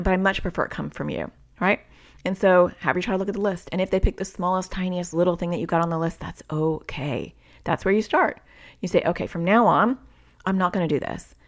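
A middle-aged woman hosting a parenting podcast, explaining step by step in a conversational way with casual fillers. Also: lowish voice. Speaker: parenting podcast host and coach. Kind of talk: solo podcast advice talk.

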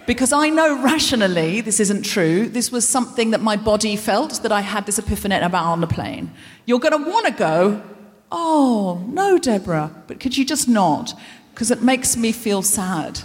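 Woman comedy host doing live stand-up, self-deprecating and anxious, mid-pitch voice, long hall reverb. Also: animated, moderate pace, hardly any pauses. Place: large concert hall stage.

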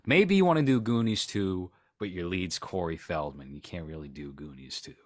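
A man with a very low voice talks about movies in a loose, rambling way, cracking jokes at his own expense. He sounds close to the mic in a dry, dead room. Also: animated, moderate pace, dry recording. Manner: rambling, joking, self-deprecating. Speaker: podcast co-host. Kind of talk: casual film chat.

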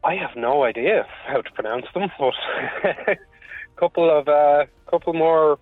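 A man calling in to a radio show, sounding tinny over a phone line. He speaks relaxed and gives short, easygoing answers, in a voice pitched slightly high. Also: unhurried, no echo, faint music behind. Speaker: caller, contestant.

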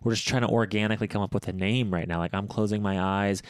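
A man's voice: lowish voice, fairly even intonation, fast, clean tone, no echo. A man in his thirties co-hosts the show with goofy, joking banter. His voice is close and dry, with no room sound. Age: 30s. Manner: jokey and goofy. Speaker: podcast co-host, expectant father. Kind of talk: casual chat.

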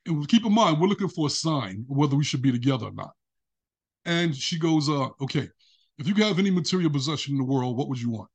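A man with a husky, slightly breathy voice that sits a bit higher than most men's. He tells a story on a podcast in a lively, casual way and acts out the other people's voices as he goes. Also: quick pace. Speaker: podcast guest.

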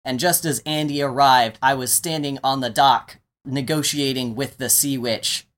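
A man's voice: mid-range voice, fairly even intonation, moderate pace, a bit bright. A man telling a personal story in a casual, conversational interview.

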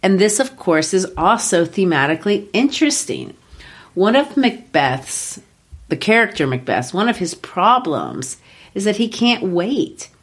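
This podcast co-host has a medium-pitched, slightly rough voice with big pitch swings, and she doesn't rush. In casual chat about literature, she explains a play enthusiastically, tapping rhythms out aloud.

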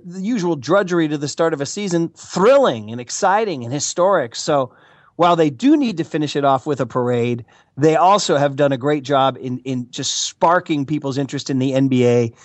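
An American man with a fairly high voice talks sports as a regular pundit, lively and playful. His delivery is casual and quick to turn theatrical. The sound is dry and close. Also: no room sound. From United States. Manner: animated, mock-emotional storytelling. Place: California, Bay Area.

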